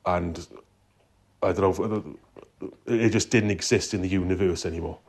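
A man with a deep, very low voice tells a meandering phone-in story. He drops swear words into almost every phrase, loose and unhurried. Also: creaky, darkish tone, breathy edge. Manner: profane, swears constantly. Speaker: caller.

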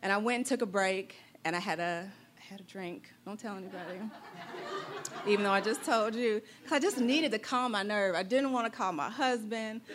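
Young adult woman, mid-pitched, animated storyteller who voices her quotes playfully. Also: moderate pace, a crowd in the background. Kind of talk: personal storytelling.

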